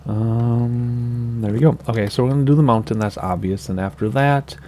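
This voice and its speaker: A man's voice: mid-range voice, moderate pace, a little hiss or hum. A man hosting a flight simulator let's-play, chatting casually and thinking aloud as he sets up a flight. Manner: relaxed, chatty, thinking aloud with small laughs. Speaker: gaming channel host.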